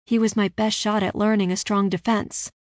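A woman reading a first-person fantasy story aloud with steady, expressive narration. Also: medium pitch, moderate pace, no echo, clean studio sound.

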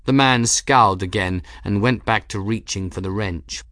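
A man narrating an audiobook in a measured storytelling manner. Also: on the low side, fairly bright tone, no echo, studio quality. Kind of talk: scripted narration.

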